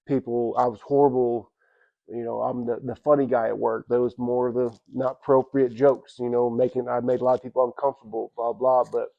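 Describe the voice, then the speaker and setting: A man with a gravelly, flat-toned voice shares his personal testimony in a church. He rambles and restarts often, speaking in a loose, everyday way. The recording sounds dull and lo-fi. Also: mid-range voice. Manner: rambling, halting storytelling with many restarts; casual, repeats "you know what I'm saying". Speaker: church member giving testimony.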